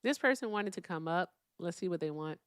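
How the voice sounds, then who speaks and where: A woman hosting a live call-in stream, chatting casually and swinging between loud remarks and hushed asides. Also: fairly low pitch, expressive, a little fast, slight background noise. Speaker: livestream host.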